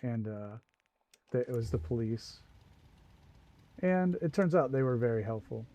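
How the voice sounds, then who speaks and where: A man hosting a livestream tells a long, casual anecdote full of asides while he plays a game. His medium-pitched voice is expressive and dark in tone, at a measured pace.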